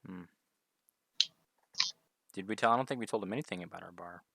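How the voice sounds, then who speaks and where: A man playing a tabletop game, joking crudely and often trailing off quietly. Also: low-pitched, a little fast, gravelly, heavy background noise. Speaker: player. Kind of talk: casual tabletop chat.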